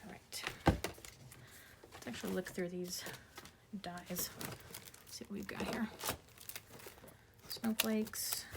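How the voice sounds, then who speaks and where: A woman streaming her card making from home, thinking aloud and muttering softly to herself as she sorts through supplies. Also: medium pitch, vocal fry, background noise. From United States. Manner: muttering to herself while sorting supplies, soft asides. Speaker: craft streamer. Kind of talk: casual craft livestream chat.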